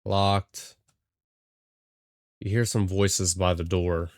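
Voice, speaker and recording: Brief: male gamer, low voice, dry close mic, muttered horror game commentary. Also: fairly even intonation, very slow, pauses often, no room sound. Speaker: game streamer. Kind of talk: let's play, reading game text aloud.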